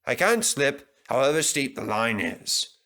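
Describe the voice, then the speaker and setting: Gentle old male engine, modest, storytelling, lively pitch; a man voices him. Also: a little slow. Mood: kindly.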